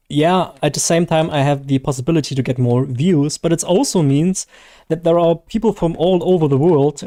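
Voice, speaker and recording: A gaming streamer whose first language is German chats and rambles casually to viewers on a live game stream. He has a German accent and a fairly high-pitched, warm voice.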